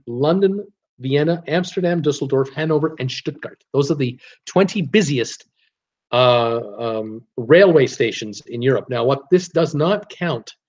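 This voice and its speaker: A man hosts a casual online trivia quiz, reading out viewers' answers in a chatty, easygoing way full of ums and uhs. His voice sits at an ordinary middle pitch. The audio is a bit dull and lo-fi, like a home live stream. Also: darkish tone. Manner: chatty, filler-heavy, chuckles at his own jokes.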